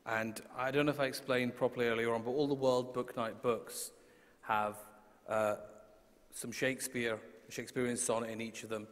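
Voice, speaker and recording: A man's voice: medium pitch, flat delivery, normal speed. A man hosts a live literary evening from the stage, loose and jokey, with plenty of ums along the way. His voice is a mid-range male voice. A long hall reverb hangs on his words. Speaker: event host. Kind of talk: casual stage hosting. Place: large concert hall on stage.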